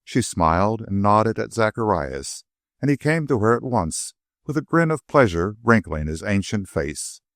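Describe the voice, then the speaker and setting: A man narrating an audiobook in an expressive, varied delivery on a close mic. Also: on the low side, unhurried, dry recording. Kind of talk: scripted narration.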